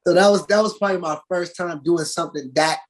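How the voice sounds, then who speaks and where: Guy actor chatting on a podcast, tells stories loud and lively, lots of laughs. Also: high voice, quick pace. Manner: animated storyteller, acts out quotes, laughs often. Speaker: actor guest. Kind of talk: casual interview chat.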